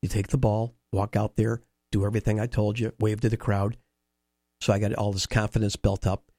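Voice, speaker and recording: A man telling animated anecdotes in a conversation, acting out quoted dialogue. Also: fairly low pitch, brisk, no room sound, clean studio sound. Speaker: interview guest, former baseball team staffer. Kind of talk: storytelling conversation.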